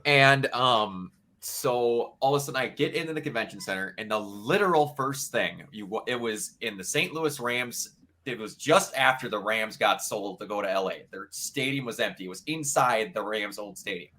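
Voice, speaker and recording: A man on a podcast recounts a memory in loose, conversational chat. His voice has a bright, forward edge, and he tells it with emotional, animated energy. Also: on the low side, normal speed. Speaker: podcast co-host. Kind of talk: casual chat.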